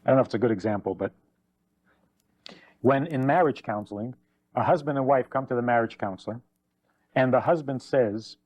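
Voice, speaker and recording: A man giving a rabbi's lecture on faith, animated and emphatic, repeating key points. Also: medium pitch, brisk, long pauses, highs cut off. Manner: animated, acts out anecdotes with shifting voices; emphatic repetition.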